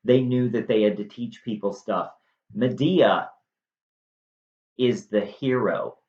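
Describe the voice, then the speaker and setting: A man's voice: on the low side, slow. A man retelling an old tragedy in a casual, slangy way, full of asides. He takes his time and lingers on his words. The recording is dull and roomy. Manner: chatty, slangy, animated. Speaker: storyteller. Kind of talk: casual retelling of a classic play. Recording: dull echoey room.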